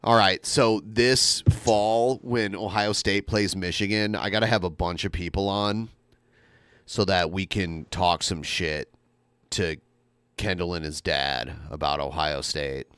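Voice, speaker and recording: A man co-hosting a casual live stream podcast, talking in animated, jokey rants and swearing freely. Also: deep voice, measured pace, smooth, dry recording. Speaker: podcast co-host.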